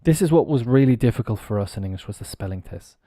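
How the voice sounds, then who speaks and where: A man from Ireland teaching English on a live stream, who spells words out slowly letter by letter and explains how they are pronounced. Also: medium pitch, lively intonation, warm tone, dry recording, clean studio sound. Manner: explains pronunciation while working on screen.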